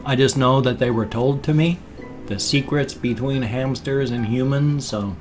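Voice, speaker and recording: A man's voice: medium pitch, measured pace, faint music behind. Playful rambling middle-aged man vlogging. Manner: rambling and playful, with deadpan jokes. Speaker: daily vlogger. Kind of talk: casual vlog chat. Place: at home, indoors. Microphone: webcam.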